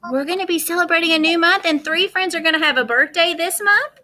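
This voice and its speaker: Speaking very high and quick, a woman with a pushed, bright voice leads an online kindergarten morning meeting. Cheerful and sing-song, she coaxes the young children along over video call.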